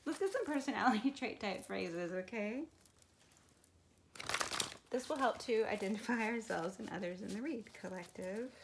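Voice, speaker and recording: Slow, gravelly-voiced woman reading tarot. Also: fairly high pitch, slight background noise. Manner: slow, musing, laughs often. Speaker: tarot reader. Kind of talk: casual channeled tarot reading.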